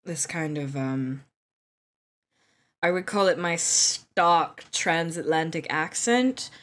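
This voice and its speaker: A woman's voice: sits low, slow, a bit bright. A woman streaming a game live, chatting casually, joking, laughing often and explaining things at length. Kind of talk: casual chat while playing a game live.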